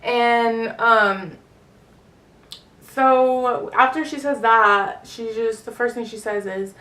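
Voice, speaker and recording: Rambling through a storytime vlog full of fillers and swearing, this woman in her 20s sounds distant from a mic that's set back in an echoey room. Her voice is a little high and a bit bright, and she speaks slowly.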